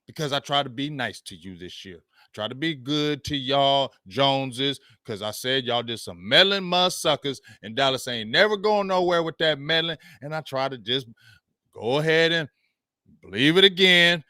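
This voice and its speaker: A man hosting a sports talk show, ranting about his team in slangy, animated talk and reading out viewer comments. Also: fairly high pitch, moderate pace, no room sound, clean studio sound.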